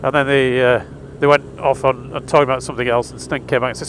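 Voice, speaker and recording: Here the motorcycle vlogger keeps a level tone in a mid-range voice, rattling along quickly with hardly any pauses. Background noise accompanies his wry, slightly exasperated storytelling monologue as he rides outdoors.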